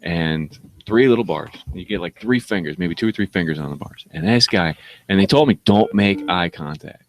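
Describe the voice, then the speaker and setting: Lively man telling a crude story. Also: low-pitched, a little fast, a little hiss or hum. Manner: animated, swearing, laughs often. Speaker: podcast co-host; comedian. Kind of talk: casual comedy storytelling.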